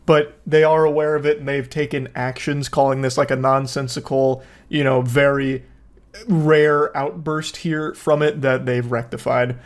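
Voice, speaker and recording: A man's voice: mid-range voice, level tone, unhurried. A young man giving casual commentary as a video host, sarcastic and profane with jokey asides.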